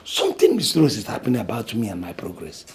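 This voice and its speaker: Give me a complaining Nigerian young man with a lively, rising voice. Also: fairly low pitch, fast. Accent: Nigerian English. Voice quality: worried, complaining. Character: unlucky, anxious young man.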